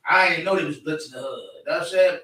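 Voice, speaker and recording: A man chatting casually and telling an animated story, acting out voices with bursts of shouting. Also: a little high, racing, slight background noise. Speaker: podcast co-host. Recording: echoey room, mic at a distance.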